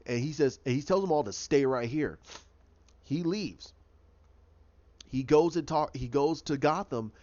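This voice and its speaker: A man's voice: mid-range voice, a little mellow, highs cut off. A man giving a casual, rambling recap of a TV episode, often repeating himself and restarting his sentences. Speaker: show recap host.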